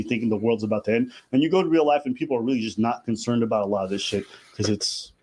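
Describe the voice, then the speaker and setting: A man speaks quickly in a calm, reasoned commentary. His voice sits at an ordinary pitch and he lays out his points evenly. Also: breathy edge. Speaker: commentator in a played clip. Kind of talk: measured explanatory commentary.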